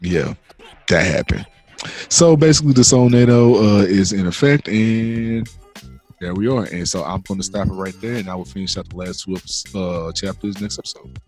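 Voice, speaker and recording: A man with a fairly low voice talks through a game's plot for his podcast co-hosts. He keeps it loose and profane and jokes as he goes. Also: moderate pace, darkish tone, faint music behind. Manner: loose and profane, acting out characters' lines. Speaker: podcast co-host retelling a game's story mode. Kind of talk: casual chat, storytelling recap.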